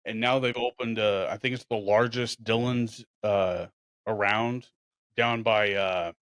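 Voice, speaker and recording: A man's voice: on the low side, unhurried, dry recording. A man hosting a podcast, telling rambling hometown stories in a casual chat. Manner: rambling, animated storyteller with restarts. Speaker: podcast host.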